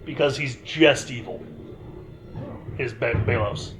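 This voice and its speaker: A man's voice: mid-range voice, a bit bright, a little hiss or hum. A man co-hosting a casual movie recap podcast, riffing and joking as he retells the plot. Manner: enthusiastic, quick to riff and joke. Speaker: podcast co-host.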